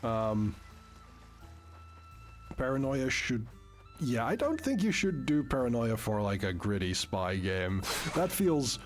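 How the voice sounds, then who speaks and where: A man's voice: medium pitch, big pitch swings, measured pace, faint music behind. A man streaming a game live, chatting casually with viewers in a rambling way, full of fillers and restarts.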